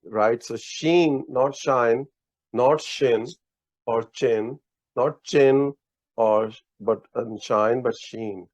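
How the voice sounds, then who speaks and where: Slow, patient man teaching a lesson. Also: mid-range voice, fairly even intonation, darkish tone, no echo. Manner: patient, slow explaining with frequent restarts and praise. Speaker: Urdu teacher. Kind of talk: casual one-on-one language lesson. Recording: dull, lo-fi, dry audio.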